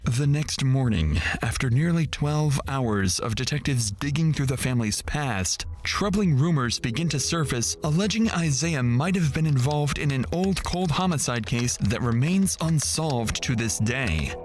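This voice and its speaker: A man's voice: mid-range voice, lively intonation, unhurried, few pauses. Dramatic male true crime narrator. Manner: dramatic, suspenseful delivery. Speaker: documentary narrator. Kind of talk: scripted narration. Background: music.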